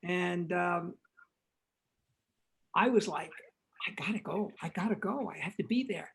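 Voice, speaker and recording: An older man, a film director guest in an interview, telling animated anecdotes and acting out what people said. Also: high-pitched, unhurried, vocal fry, breathy edge, low-quality recording. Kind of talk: casual storytelling interview.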